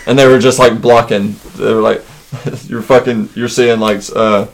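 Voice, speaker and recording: A man's voice: mid-range voice, steady tone, normal speed, gravelly, low-quality recording. A man in a casual sports chat with friends, making wry, dry jokes.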